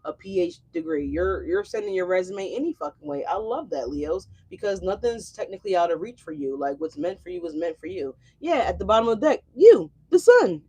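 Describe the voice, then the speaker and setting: A woman's voice: lowish voice, very animated, fairly quick, few pauses, warm tone, husky. A woman doing a casual tarot reading, chatty and brash, swearing freely and talking straight to her viewers. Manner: chatty, brash and profane, addresses viewers directly. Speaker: tarot reader.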